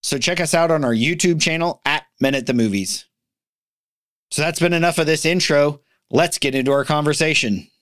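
A man's voice: on the high side, normal speed, fairly bright tone, no room sound. Chatty male podcast host, dry close sound. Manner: chatty, laughs easily, frequent restarts. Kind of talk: casual podcast chat.

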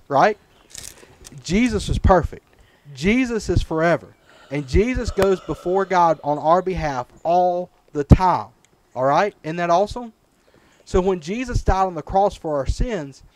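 Preacher guy teaching sunday school kids, bit high voice, keeps asking right? okay?. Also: a little mellow, rough recording. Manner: patient, checks in often with "right?" and "okay?". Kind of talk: Bible lesson for children.

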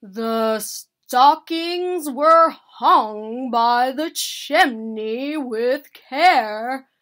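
Bear, a woman booming as a pompous bear. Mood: reciting. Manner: slow booming declaiming. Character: big pompous male bear, stern and grand.

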